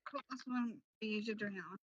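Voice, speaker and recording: A woman's voice: mid-range voice, a little fast, dry recording. A woman playing a tabletop game, chatting casually and thinking aloud while she checks her notes, on a dull, lo-fi mic. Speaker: player.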